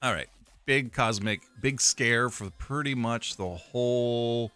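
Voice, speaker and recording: Young male streamer, casual, rambling, slow delivery over faint music. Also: mid-range voice, pushed and bright, clean tone, no echo. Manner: rambling, repeats himself, frequent laughs and fillers. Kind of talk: casual live-stream chat.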